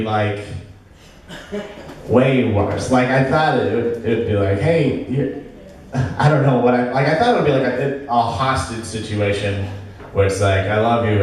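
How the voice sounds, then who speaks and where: Rambling, halting male stand-up comic. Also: medium pitch. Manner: halting, rambling delivery with many restarts. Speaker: stand-up comedian. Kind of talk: stand-up set. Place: small comedy venue stage. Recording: very echoey room, mic from a distance.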